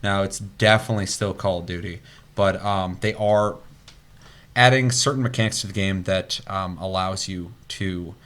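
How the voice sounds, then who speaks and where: A young man co-hosting a gaming podcast, chatting casually with a fairly low voice. He tells stories in a loose, animated way and swears freely as he goes. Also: moderate pace. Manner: loose, profane, animated storytelling. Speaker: podcast co-host.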